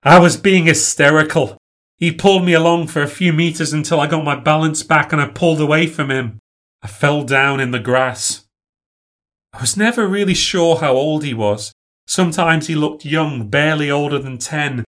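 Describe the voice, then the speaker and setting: A man's voice: a little high, moderate pace, a bit bright. Man narrating a ghost story. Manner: emotional, rising with the drama. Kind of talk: first-person ghost story reading.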